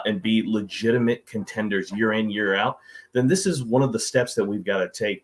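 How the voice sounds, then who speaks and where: A man co-hosting a sports podcast, talking earnestly with lots of ums and uhs. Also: lowish voice. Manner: earnest, with many fillers. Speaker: podcast co-host. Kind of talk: casual chat.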